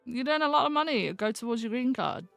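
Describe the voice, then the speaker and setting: A woman's voice: fairly high pitch, animated, fast talker, gravelly, a bit bright, no room sound, soft background music. A woman in casual in-character role-play chat, teasing and laughing often, with trailing fillers. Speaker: police lieutenant role-player.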